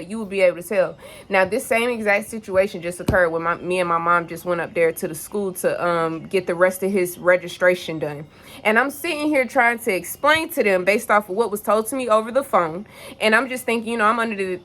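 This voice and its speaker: A woman's voice: mid-range voice, fairly bright tone. A young woman telling a story in a candid, rambling vlog, swearing freely and piling on filler phrases. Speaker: vlogger.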